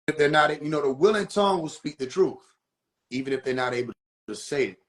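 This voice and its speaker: A man hosting a live stream, giving casual spiritual teaching in a preachy way, repeating his points and putting questions to his viewers. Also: mid-range voice. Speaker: livestream host.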